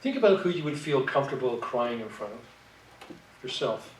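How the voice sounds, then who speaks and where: A man presenting a workshop to clinicians, speaking in a measured, reflective way with occasional fillers. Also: medium pitch, very animated, slight background noise. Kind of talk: lecture to clinicians. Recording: echoey room, distant mic.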